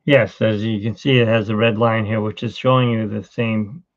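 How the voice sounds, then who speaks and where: During a casual live drawing stream, a middle-aged host rambles and tells stories at a moderate pace. His voice sits on the low side with fairly even intonation, and the audio is tinny like a phone.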